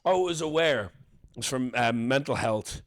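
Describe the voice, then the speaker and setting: A young man, a podcast co-host and comedian, joking and swearing in quick casual banter. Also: mid-range voice, lively intonation. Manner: jokey, swears a lot, quick asides.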